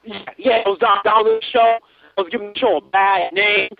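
High-voiced man ranting over a tinny phone. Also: brisk, gravelly, no echo. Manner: animated storytelling, repetitive, restarts. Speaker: caller. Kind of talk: casual phone call. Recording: tinny phone line, dry.

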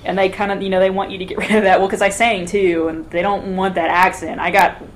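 A woman in casual conversation, chatty and quick with interjections. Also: mid-range voice, flat delivery, a little hiss or hum.

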